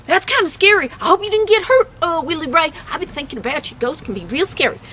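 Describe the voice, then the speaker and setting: A woman's voice: extremely high pitch, expressive, quick pace, sharp tone, slight background noise. A woman hosting her own comedy show to camera, gushing and childlike, squealing with delight. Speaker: web show host. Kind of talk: bubbly comedic chat to camera.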